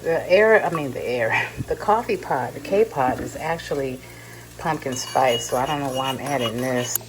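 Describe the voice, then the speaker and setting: A woman's voice: rumbling low, moderate pace. A middle-aged woman from California chatting casually to her vlog viewers, rambling and laughing at herself. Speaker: vlogger. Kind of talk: casual chat to camera. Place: car, then home kitchen. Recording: car noise in background.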